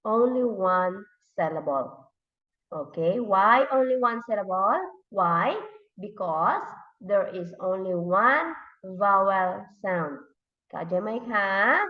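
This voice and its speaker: Thai-accented woman teacher drilling pupils, unhurried; lo-fi, echoey classroom recording. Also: medium pitch, expressive. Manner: repeats words slowly to drill them. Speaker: English teacher. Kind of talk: classroom lesson for young learners. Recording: dull, roomy, recorded from a distance.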